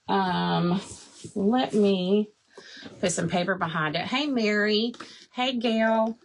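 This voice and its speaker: A woman's voice: medium pitch, slow pace, vocal fry, a little hiss or hum. A woman hosting a casual live craft unboxing, chatting and greeting viewers by name as she works. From Arkansas, southern United States. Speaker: craft livestream host. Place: indoor home craft space. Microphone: phone.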